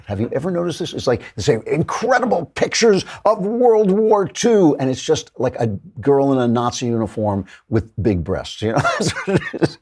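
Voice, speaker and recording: A man's voice: on the low side, dark tone. A man hosting a commentary show, joking and digressing with laughing asides. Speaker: podcast host.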